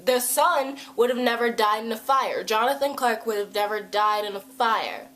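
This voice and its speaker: Chatty woman recapping a show, roomy echo. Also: moderate pace. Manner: chatty and animated, acts out quotes in loud high voices. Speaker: TV episode reviewer. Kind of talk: casual episode recap vlog.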